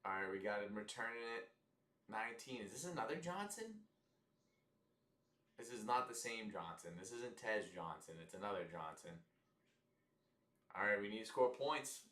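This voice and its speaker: A man with a fairly low voice talks through a live football game in a loose, chatty way, reacting to each play as it comes. His voice bounces around a roomy, echoey space. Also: big pitch swings, moderate pace, long pauses, bright, forceful tone. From United States. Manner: loose, chatty, reacting to plays, mock ad reads. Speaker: host of a live football watch-along stream.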